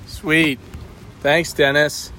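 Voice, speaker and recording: Playful, teasing podcast host. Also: male voice, on the high side, level tone, very slow, bright, forceful tone, a little hiss or hum. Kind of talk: casual chat.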